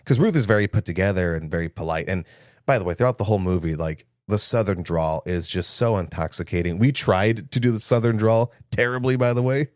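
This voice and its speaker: A man's voice: lowish voice, a little fast, darkish tone, no room sound, clean studio sound. A young man co-hosting a casual movie podcast, recapping scenes with jokes and quoted lines. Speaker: podcast co-host.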